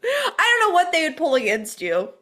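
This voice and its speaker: Bright, animated woman co-host; giggly, quick casual banter. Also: very high voice. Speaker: podcast co-host. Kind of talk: casual chat.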